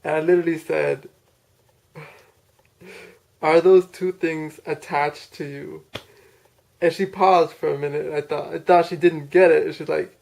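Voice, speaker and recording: A man's voice: a little high, gravelly, darkish tone. A man casually telling a personal story, rambling, with many fillers and restarts. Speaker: person recounting a dream.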